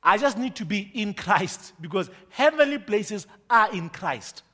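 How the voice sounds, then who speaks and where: A man pastor preaching a sermon, emphatic and forceful, constantly quizzing the congregation with repeated questions. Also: sits high, lively intonation, measured pace.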